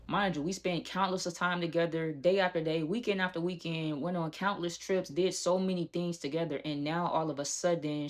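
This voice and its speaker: A young woman telling a personal story in a casual vlog, animated and talking straight to her viewers. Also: low voice. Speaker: storyteller vlogger.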